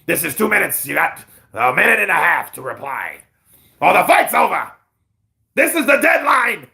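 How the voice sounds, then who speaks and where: A man hosting live boxing commentary, excitable and profane, laughing often. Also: fairly high pitch, normal speed, creaky. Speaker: boxing news host. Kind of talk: casual live-stream commentary.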